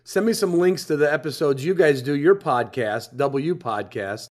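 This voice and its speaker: A man hosting a podcast, talking in a relaxed, rambling way and often restarting his sentences. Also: fairly high pitch, moderate pace. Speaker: podcast host. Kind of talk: casual podcast chat.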